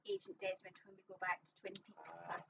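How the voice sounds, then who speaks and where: A woman's voice: medium pitch, steady tone, fast, gravelly, a bit bright. A woman co-hosting a live show, chatting casually and rambling with fillers. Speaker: co-host of a live online show. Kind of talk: casual chat. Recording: distant, dull, faintly noisy.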